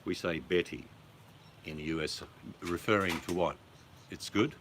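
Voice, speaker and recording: An Australian man chatting casually with viewers as host, relaxed and chatty, swearing freely. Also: sits low, moderate pace, noisy background.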